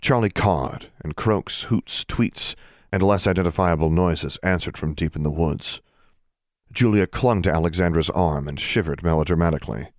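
A deep-voiced male narrator reads scripted audiobook text at normal speed, in a dry, studio-quality recording.

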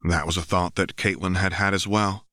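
A man with a deep voice narrates a story in steady, measured storytelling. His tone is bright and forceful, and the recording is dry and close, with no room around it. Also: no room sound. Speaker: audiobook reader.

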